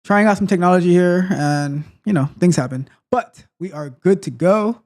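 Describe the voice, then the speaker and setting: A man's voice: high voice, moderate pace, darkish tone. A man hosting a live tech tutorial stream, chatting casually and greeting viewers in the chat. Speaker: host.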